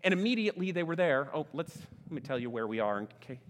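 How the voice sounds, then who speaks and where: A man preaching a sermon as a pastor, speaking emphatically and swinging between loud passages and hushed ones. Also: a little high, big pitch swings, quick pace. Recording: long reverb of a large hall.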